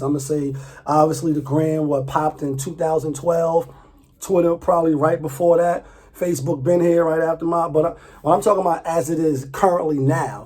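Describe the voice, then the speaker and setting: Man, high voice, husky tone, casual profane vlog rant. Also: mellow. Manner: loose, profane, repeats himself, laughs often. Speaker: vlogger. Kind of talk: casual commentary.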